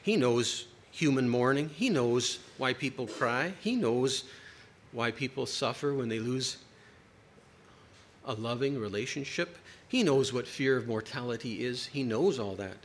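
A man preaching a sermon to a congregation, emphatic, with dramatic pauses. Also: medium pitch, slight background noise.

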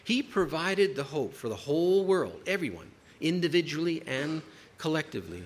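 A man preaching a sermon to a congregation, emphatic, with dramatic pauses. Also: a little high, sing-song, slight background noise.

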